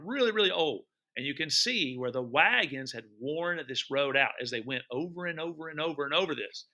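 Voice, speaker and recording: A middle-aged teacher with a slightly high, bright and forceful voice narrates his travel photos for students. He's chatty and enthusiastic, repeating words and quizzing his listeners as he goes.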